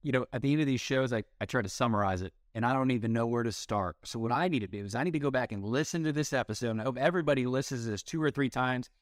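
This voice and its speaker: A man's voice: mid-range voice, racing, few pauses, no echo, studio quality. A man hosting a podcast, enthusiastically wrapping up and asking his guest a follow-up question. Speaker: podcast host. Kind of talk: casual interview.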